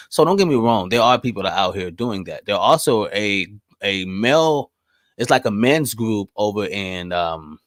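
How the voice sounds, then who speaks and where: Guy in his 30s doing a solo podcast, cussing a lot, gets loud n high when he's heated, dry close mic. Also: no room sound. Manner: blunt, profane, animated, swings up loud and high when riled. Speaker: podcast host. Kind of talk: casual solo commentary reading live chat.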